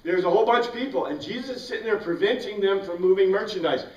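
A man's voice: high voice, fast talker. A man teaching a Bible class, questioning his students and answering his own questions. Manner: asks the class questions and answers them himself. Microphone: far from the mic. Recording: roomy, distant, dull classroom recording.

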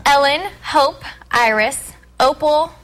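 A young woman hosts a local TV morning show, her voice pitched a little high. She reads contest details and a history segment briskly and teases her co-host. She sounds upbeat in a studio setting. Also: a bit bright, rough recording. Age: young adult. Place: TV news studio.

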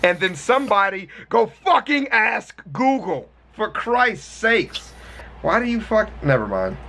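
A man's voice: high-pitched, sing-song, a little slow, gravelly, pushed and bright. A man hosting a reaction video, talking in a profane, joking way from a hot room at home. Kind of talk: casual commentary.

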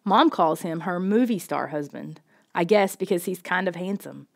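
A woman reading a children's storybook in the first person, steady and expressive. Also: fairly low pitch, moderate pace, gravelly. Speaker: audiobook reader.

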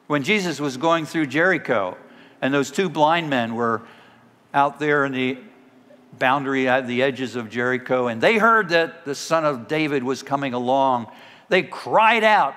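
A man preaching a sermon as the church's pastor, now and then breaking into loud dramatic cries when he acts out a scripture scene. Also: medium pitch, lively intonation, normal speed. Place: church sanctuary. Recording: long reverb of a church hall.

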